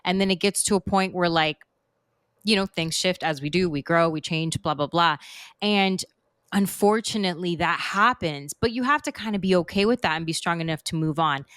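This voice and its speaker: Woman, podcast co-host, earnest advice, lowish voice, dry sound. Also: normal speed, a bit bright, no room sound. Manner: earnest, advice-giving, filler-heavy. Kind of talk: casual chat.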